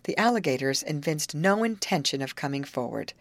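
A woman narrates a storybook in a lower, measured voice. Her pitch moves about with lively expression. The recording is close and completely dry. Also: no room sound. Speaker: audiobook reader. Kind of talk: scripted narration.

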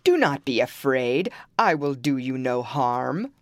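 A woman voicing a huge man-eating male ogre in a storybook reading, booming out each line loudly and slowly. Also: sing-song, no room sound, full character voice. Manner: loud slow booming delivery.

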